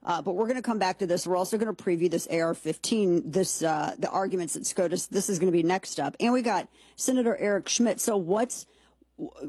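A woman's voice: lowish voice, a little mellow, slightly rough, dry recording. A woman hosting a talk show, giving emphatic, opinionated political commentary and reading quotes aloud.

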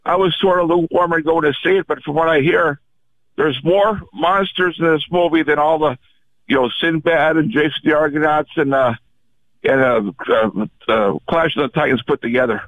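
A man's voice: a little high, moderate pace, fairly bright tone. A man from Pennsylvania calling in to a radio show, polite and chatty. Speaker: caller. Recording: tinny phone line.

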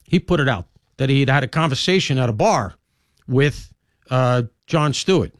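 A man hosting a talk radio show, talking through his lineup in an opinionated monologue with emphatic swings in pitch and loudness. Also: animated, normal speed, no echo, studio quality. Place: radio studio.

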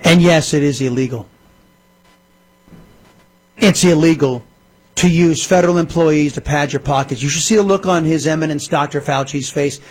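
A man's voice: fairly high pitch, moderate pace, long pauses, darkish tone, breathy edge, rough recording. A man hosting a talk radio show, giving combative, sarcastic commentary and taking calls. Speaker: radio host.

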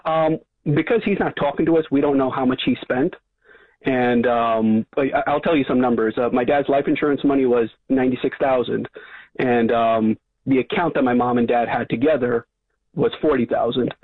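Male phone-in caller, hesitant and halting, on a thin phone line. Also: mid-range voice, no room sound. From Long Island. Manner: hesitant, many fillers and restarts. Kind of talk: phone-in call.

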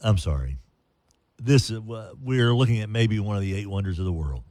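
A man's voice: on the low side, lively intonation, moderate pace, warm tone, dry recording. A man hosting a live morning radio show, joking around and reading sponsor spots in a playful way. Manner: playful, jokey, with ad reads. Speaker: radio and podcast host. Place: radio studio.

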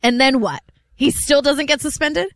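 A woman's voice: high voice, normal speed. A woman co-hosting a sports radio show, teasing her partner and repeating her points with playful insistence. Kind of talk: casual sports talk.

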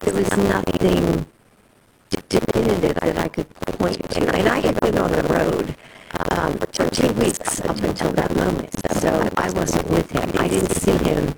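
A man answering an interview question, hesitant and halting with fillers. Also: high-pitched, vocal fry. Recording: noisy clip played on air.

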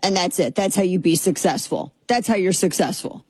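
A woman's voice: fairly low pitch, fairly quick, darkish tone, slightly rough, no echo. A woman hosting a radio talk show, talking in a casual, opinionated and sarcastic way, often exasperated and rambling with fillers. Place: radio studio. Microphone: studio microphone.

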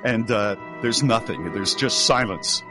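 A man's voice: fairly low pitch, unhurried. A man co-hosting a radio talk show, retelling a spooky story with acted-out quotes over a music bed. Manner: animated storyteller acting out quotes.

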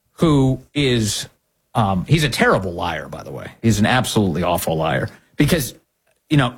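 Husky-voiced, animated political commentator man. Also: mid-range voice. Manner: emphatic and sarcastic, full of rhetorical questions.

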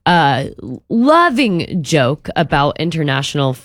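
A woman co-hosting a radio show in casual chat, reading out quotes with animated delivery. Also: sits low, slow, no echo, studio quality. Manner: chatty, reads quotes aloud with animated delivery.

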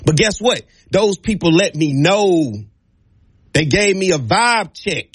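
Emphatic high-voiced man, dry sound. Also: expressive, takes it slowly, husky, no echo. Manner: emphatic, preachy, addresses listeners directly. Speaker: show host. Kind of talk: passionate opinion monologue.

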